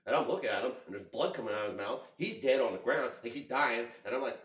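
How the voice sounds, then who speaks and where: A man telling a story to his camera in a casual, rambling, excitable way, full of swearing. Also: medium pitch, quick pace. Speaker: vlogger. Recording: echoey room.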